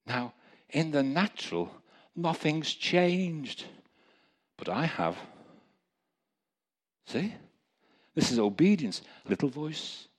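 A man preaching a testimony sermon, telling stories in a lively way with chuckling asides. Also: fairly high pitch, takes it slowly, pauses often, breathy edge. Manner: storytelling, animated, chuckling asides.

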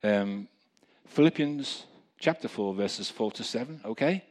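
A man preaching a testimony sermon, telling stories in a lively way with chuckling asides. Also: on the low side, measured pace. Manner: storytelling, animated, chuckling asides.

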